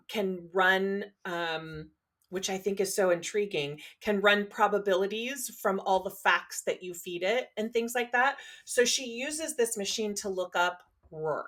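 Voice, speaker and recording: A woman co-hosting a podcast and chatting casually about a book. She talks in halting bursts, stopping and restarting as she gathers her thoughts, with plenty of fillers along the way. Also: mid-range voice, fairly bright tone. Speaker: podcast co-host.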